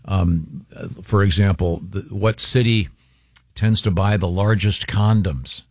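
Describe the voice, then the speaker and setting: Low-voiced radio host bantering. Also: male voice, a little mellow, no echo, studio quality. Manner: chatty, reads upcoming news teasers with halting fillers. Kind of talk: casual morning radio banter. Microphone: studio microphone.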